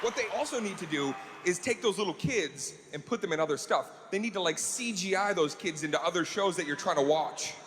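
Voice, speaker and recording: A man doing a stand-up comedy routine in a live venue, telling stories animatedly with profanity and quick switches between voices. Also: high-pitched, animated. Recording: roomy live room with crowd noise.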